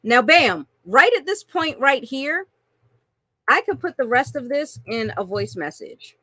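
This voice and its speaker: A woman's voice: high-pitched, very animated, unhurried, bright, forceful tone, dry recording. A woman coaching online marketers through a screen-share tutorial, chatty and casual, often checking in with "right?" and "okay?".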